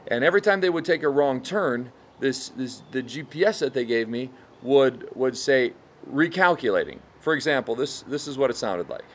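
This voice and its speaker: A man's voice: medium pitch, moderate pace, few pauses, a little hiss or hum. A middle-aged man, a minister, tells a folksy story as a casual devotional talk, full of "you know" fillers, from a bed and breakfast.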